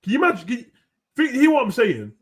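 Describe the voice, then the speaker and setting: A young man hosting a casual, animated wrestling rant full of slang, at times breaking into shouts. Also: extremely high pitch, fast. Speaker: host. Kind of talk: casual ranting commentary.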